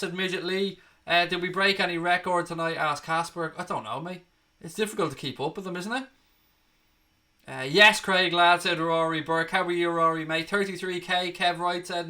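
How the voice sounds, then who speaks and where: A man's voice: on the high side, sharp tone. A young man hosting a casual live stream, reading viewer comments aloud and calling them mate and buddy.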